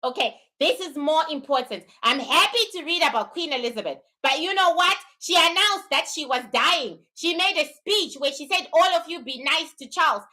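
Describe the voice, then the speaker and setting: A middle-aged woman with a very high, bright, sharp-edged voice rants to her livestream viewers without a script. She scolds in a fiery, profane way while giving her spiritual readings. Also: animated, moderate pace, hardly any pauses, low-quality recording. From lives in Canada. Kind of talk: unscripted livestream rant.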